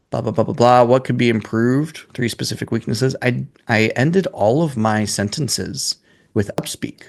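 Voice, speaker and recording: A man's voice: mid-range voice, moderate pace, gravelly. A man in his twenties coaching a sales class in a casual, blunt way, swearing freely. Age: 20s.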